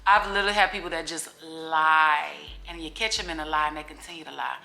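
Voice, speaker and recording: A woman's voice: low-pitched, steady tone, fast, creaky, sharp tone. A woman in her forties, a vlogger chatting candidly to camera in a casual Q&A, open and emotional. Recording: echoey room with faint music.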